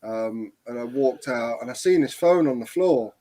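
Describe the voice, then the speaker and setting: A young man, rambling through a story with lots of pauses in casual chat. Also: medium pitch, expressive, mellow, low-quality recording. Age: young adult. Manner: rambling, lots of ums and likes.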